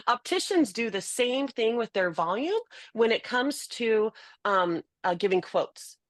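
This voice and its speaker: A woman guest on a podcast interview, explaining in an animated way and acting out examples. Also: on the high side, slow, no room sound. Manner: animated, demonstrates by acting out patient talks. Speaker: podcast guest, optical business founder.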